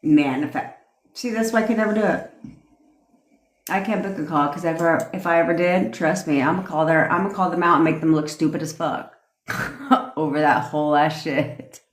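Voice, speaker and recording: Low-voiced woman ranting, profane and blunt. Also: fairly even intonation. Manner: blunt, profane, laughing, fast asides. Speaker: manifestation coach. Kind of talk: casual livestream rant. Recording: echoey room.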